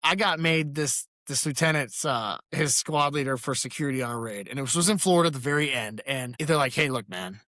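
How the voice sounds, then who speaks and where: A man's voice: a little high, brisk, hardly any pauses, no room sound, studio quality. A man, a retired Army veteran, telling war and training stories in a casual interview, rambling and acting out quotes. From United States. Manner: rambling, animated storyteller who acts out quotes.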